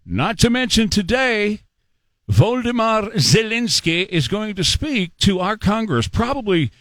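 A talk radio host with a high, fairly bright voice mocks and repeats himself as he harangues his audience. He speaks from a studio mic, and there's no echo.

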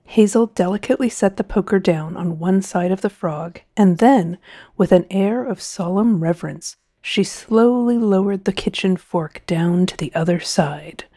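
A woman narrating a novel in an expressive, measured storytelling voice, close to the mic. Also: mid-range voice, no room sound. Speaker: audiobook narrator. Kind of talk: scripted narration.

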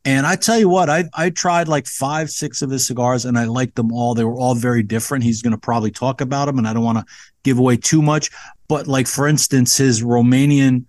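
A man's voice: medium pitch, fairly quick, a little mellow, no room sound. Guy hosting a cigar podcast, upbeat and rambly, dry close mic. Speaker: podcast host. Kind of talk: casual podcast intro.

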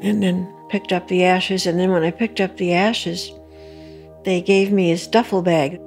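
An older woman recalling, in a halting and reflective way, how she heard terrible news. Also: lowish voice, steady tone, a little mellow, soft background music. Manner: halting, reflective, pauses and restarts. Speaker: bereaved mother interviewee. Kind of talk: personal recollection.

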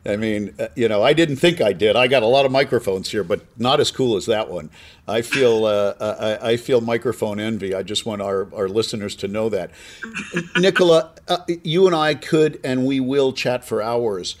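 A man's voice: lowish voice, moderate pace. A man hosting a podcast, chatting effusively with his guest and often stumbling over restarts. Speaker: podcast host. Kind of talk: casual interview chat.

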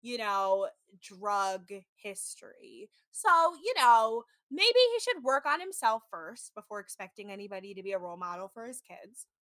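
A woman's voice: medium pitch, very animated, moderate pace, hardly any pauses, fairly bright tone, no room sound. A woman hosting a casual podcast, recapping a reality show in a chatty way with lots of "like". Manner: chatty, heavy use of "like", mimics people in quotes. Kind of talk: casual chat.

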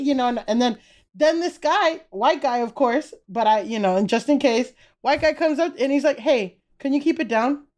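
Brash high-voiced woman telling stories. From Miami. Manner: brash, animated storytelling with profanity. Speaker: guest comedian. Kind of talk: casual podcast chat.

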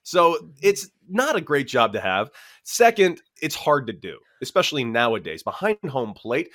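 A man's voice: mid-range voice, big pitch swings, normal speed, fairly bright tone. A man, a former baseball player, telling stories in casual chat and acting out both sides of arguments.

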